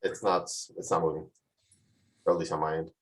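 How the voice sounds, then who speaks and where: A man's voice: rumbling low, little pitch movement, normal speed, rough recording. A man hosting a virtual tasting group over a video call, chatting casually with playful jokes and asides.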